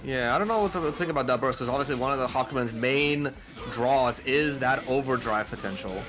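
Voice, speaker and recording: A young man calling a fighting game match live, excitable and quick to jump up at big moments. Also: mid-range voice, over music. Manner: excitable, calls plays, swings up to near shouts. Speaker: esports play-by-play commentator.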